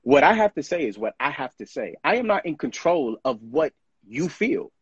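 Earnest man with a husky voice. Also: a little high, big pitch swings, moderate pace, dry recording, dull audio. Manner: earnest, reflective, acts out quoted voices. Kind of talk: casual podcast conversation.

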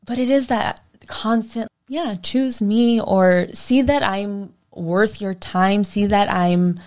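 A woman in her twenties with a mid-range voice speaks as a podcast guest. She is earnest and reflective, pausing and restarting as she works out what she means. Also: mid-range voice, fairly even intonation, darkish tone. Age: 20s. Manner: earnest, reflective, searching for words. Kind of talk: casual podcast chat.

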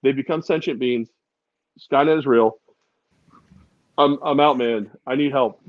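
A man co-hosting a podcast, telling funny stories in a casual, animated way and sometimes putting on voices. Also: mid-range voice, measured pace, dry recording, highs cut off. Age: adult with a daughter. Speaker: podcast co-host. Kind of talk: casual chat.

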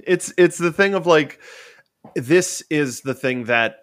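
Animated man recapping a show. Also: a little high, slow pace, no echo. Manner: animated storyteller, acts out quotes. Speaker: podcast co-host. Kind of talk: casual chat recapping an anime.

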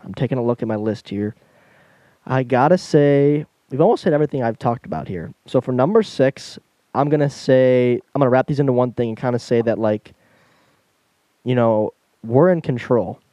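A young man co-hosts a relaxed podcast, speaking quickly and eagerly, tripping over a word now and then. His voice is warm and mellow, recorded dry and close with no room sound. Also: medium pitch, no echo. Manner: fast-talking, enthusiastic, stumbles when slowing down. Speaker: podcast co-host. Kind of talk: casual podcast chat.

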